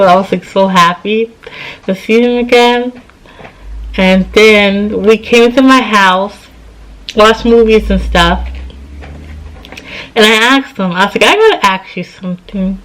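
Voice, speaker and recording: A woman's voice: mid-range voice, unhurried, pauses often, fairly bright tone, rough recording. Tired woman telling a story casually. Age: 30s. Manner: chatty, retells scenes with quoted dialogue. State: tired, yawning. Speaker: vlogger.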